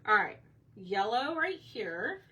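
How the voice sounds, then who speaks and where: Casual craft host, woman, bright and forward tone, a bit off-mic with faint room hum. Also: mid-range voice, very animated, slow, distant mic, muffled recording. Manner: chatty, talks to viewers while working. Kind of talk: casual chat while painting.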